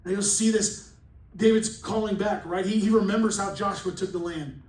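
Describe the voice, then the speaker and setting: A man's voice: high voice, steady tone, moderate pace, a little mellow. A man pastor giving a sermon in a casual, joking, conversational way, acting out quotes. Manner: conversational, jokey preaching with acted-out quotes. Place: church hall. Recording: echoey hall from far off, faint room noise.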